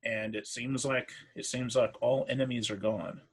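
A man narrating as game master of a tabletop game, halting with many fillers and restarts. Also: mid-range voice, fairly even intonation, husky.

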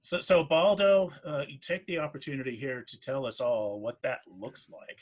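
A man runs a tabletop game as its game master, his voice husky and a little breathy. He narrates haltingly, full of fillers and restarts, at an ordinary middle pitch. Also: lively intonation.

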